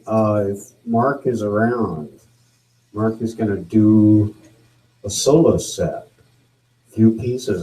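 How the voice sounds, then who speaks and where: A man hosting a live gathering, talking casually with pauses and fillers. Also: lowish voice, poor audio. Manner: relaxed, hesitant, with fillers. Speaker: event host. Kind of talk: casual emcee patter.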